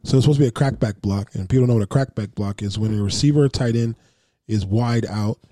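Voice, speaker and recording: Brief: male podcast co-host, mellow mid-range voice, dry close sound, blunt and profane. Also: fairly low pitch, quick pace, no echo. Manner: blunt, profane, joking storyteller. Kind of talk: casual chat.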